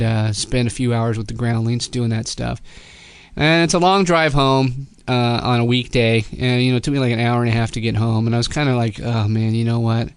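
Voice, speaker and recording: A man's voice: medium pitch, clean tone, dry recording. A middle-aged man hosting a podcast, telling a casual, rambling story with many restarts and quoted voices. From Southern California. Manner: rambling, self-correcting, quotes people in lively voices. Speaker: podcast host.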